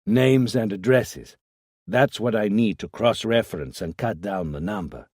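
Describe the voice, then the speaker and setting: A man's voice: lowish voice, unhurried, darkish tone, slightly rough, dry recording, clean studio sound. A man voicing a determined, insistent detective pressing a contact for help.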